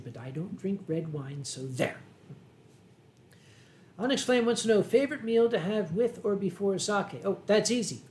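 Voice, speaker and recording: A man with a Philadelphia accent hosting a casual livestream from home, reading viewer comments in a dry, wry way and often clearing his throat. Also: high-pitched, a little mellow, slight background noise. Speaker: livestream host. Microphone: desk microphone.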